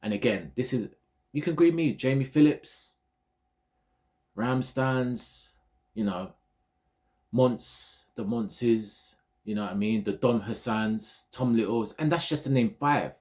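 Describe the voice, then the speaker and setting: A man's voice: mid-range voice, a little slow. A man from Ghana, a football vlogger, ranting casually about online fans in a digressive, repetitive way. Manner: animated, digressive, repeats himself.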